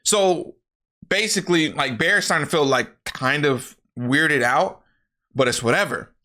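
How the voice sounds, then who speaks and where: Young guy doing a loose movie recap, kinda high bright voice, swears a lot, keeps acting out the characters. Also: unhurried. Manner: animated, profane, acts out characters' lines in jumpy higher voices.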